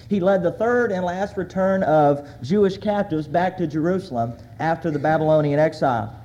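A man's voice: a little high, mellow, highs cut off, slight background noise. A man preaching a sermon as a pastor, earnestly reading scripture aloud with emphasis.

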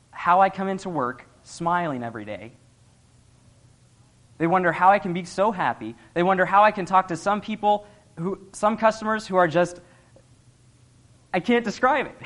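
Young guy preaching, earnest and chatty, bit of a higher voice, laughs a lot. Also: expressive, moderate pace, long pauses, a bit bright. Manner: earnest, conversational, laughs often. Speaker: lay preacher. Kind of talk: sermon.

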